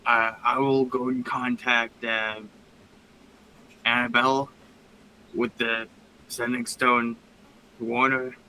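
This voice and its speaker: Man, tabletop player, flat slow delivery, faint hiss. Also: mid-range voice, poor audio. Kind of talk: casual chat at a tabletop game.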